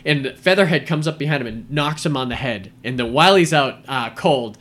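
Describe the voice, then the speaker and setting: A man chatting casually, mid-pitched, retelling a story at length. He rambles, leans on fillers and keeps the thread loose and conversational. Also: animated, fairly quick, fairly bright tone. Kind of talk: casual chat retelling a film.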